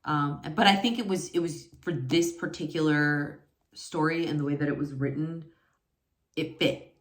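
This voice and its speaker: A book reviewer in her forties talks about romance novels in a low voice at normal speed. It's a rambling, casual chat peppered with fillers and self-corrections, recorded in an echoey space.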